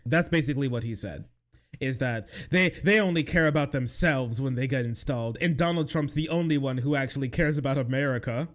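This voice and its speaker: A man's voice: mid-range voice, fairly quick. A young man streaming a mocking reaction to a video, sarcastic, laughing often and swearing. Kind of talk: mocking live reaction commentary.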